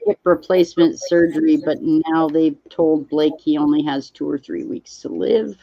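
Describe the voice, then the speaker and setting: A woman's voice: deep voice, moderate pace, vocal fry, mellow, dry recording, highs cut off. A woman hosting a live stream, chatting casually and reading out viewer comments as they come in. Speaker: livestream host.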